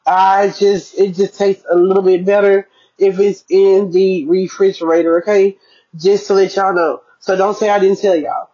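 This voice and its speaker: Chatty mom vlogger, dull lo-fi sound. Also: female voice, medium pitch, level tone, normal speed, mellow. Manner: chatty, talks straight to viewers, keeps checking in. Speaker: parenting vlogger. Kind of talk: casual budgeting vlog.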